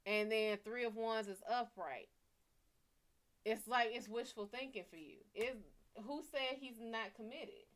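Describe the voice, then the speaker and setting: A woman's voice: a little high, measured pace, fairly bright tone. A woman giving tarot readings on a live stream. She talks bluntly and casually, swears freely, and reads viewers' names and questions aloud. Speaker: tarot reader.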